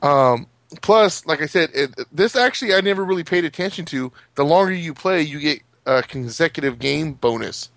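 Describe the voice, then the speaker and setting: A man's voice: on the high side, expressive, moderate pace, gravelly, fairly bright tone, no echo. Rambling man in casual gaming chat. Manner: rambling, many fillers and restarts.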